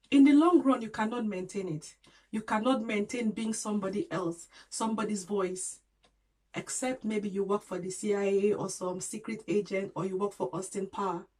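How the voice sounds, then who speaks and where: A woman's voice: medium pitch, a little mellow, poor audio. A woman vlogger giving an earnest, encouraging talk to camera, loosely spoken with restarts and small grammar slips, repeating her points for emphasis.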